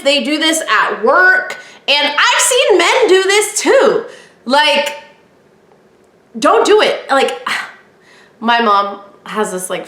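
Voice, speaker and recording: A woman hosts a casual solo podcast, chatty and opinionated as she acts out old conversations. Her voice sits a little high and sounds bright. The room gives it a noticeable echo. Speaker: podcast host.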